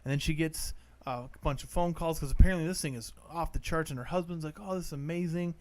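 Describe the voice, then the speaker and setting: A man's voice: fairly high pitch, fast. Rambling man recapping a movie. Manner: rambling plot recap, acts out quotes. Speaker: podcast co-host. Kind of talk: casual movie-review chat.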